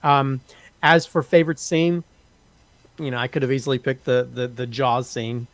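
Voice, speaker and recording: A man reviewing a film on a casual podcast, openly moved and halting, with many restarts and repeated words. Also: mid-range voice, steady tone, no echo. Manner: openly emotional, moved to tears.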